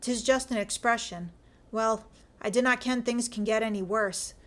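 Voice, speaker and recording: A woman voicing a gruff, grumbling Scottish man adrift in a story, with a Scottish accent and self-mocking mutter. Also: fairly high pitch, moderate pace, close to an everyday voice. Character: gruff Scottish male sea detective, grumbling. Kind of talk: audiobook character reading.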